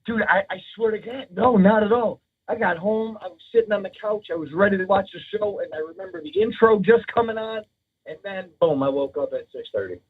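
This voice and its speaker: A man's voice: high voice, expressive, brisk, husky. A man calling in to a talk show, chatting loosely and swearing freely. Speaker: caller. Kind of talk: casual chat over the phone. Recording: tinny phone line.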